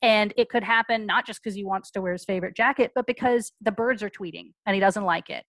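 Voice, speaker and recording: A woman, around her forties, being interviewed as a guest on a podcast and recounting her family's experiences frankly and briskly, acting out the voices of people she quotes. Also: mid-range voice, a bit bright, dry recording. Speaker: guest, mother.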